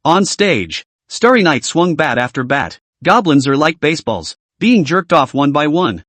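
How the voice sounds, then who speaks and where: Male narrator, animated pitch, higher voice, dry close sound, comic recap. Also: measured pace, few pauses, no echo.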